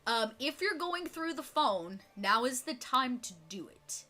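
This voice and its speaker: A woman narrating a tabletop role-playing game as game master, descriptive and quick to laugh. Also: high voice, soft background music. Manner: lively, descriptive, laughs often.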